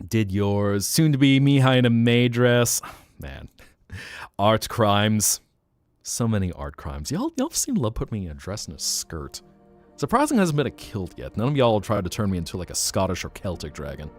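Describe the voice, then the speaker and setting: Male streamer, casual playful chat, lively intonation, swears and laughs, faint music behind. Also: lowish voice, normal speed. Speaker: VTuber streamer.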